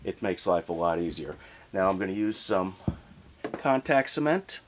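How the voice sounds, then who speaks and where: A man casually narrating a hands-on turntable repair in a relaxed, plainspoken way while he works in a home workshop. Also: deep voice, normal speed, noisy background. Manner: relaxed, plainspoken, working as he talks. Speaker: hobbyist restoring a turntable.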